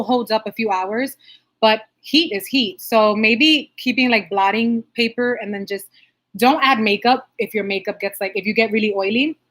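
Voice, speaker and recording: A woman's voice: medium pitch, fairly bright tone. A young adult woman, a makeup artist, answering viewer questions in a bubbly, chatty livestream style and laughing often. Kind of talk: casual livestream Q&A.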